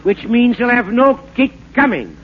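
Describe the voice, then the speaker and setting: A high-voiced huckster professor. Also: male voice, very animated, a little slow, heavily acted. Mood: mock-lecturing. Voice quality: stammering, rambling comic patter. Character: bumbling fake French professor, fast-talking huckster man. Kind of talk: 1940s radio comedy monologue. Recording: narrow-band scratchy 1940s radio broadcast.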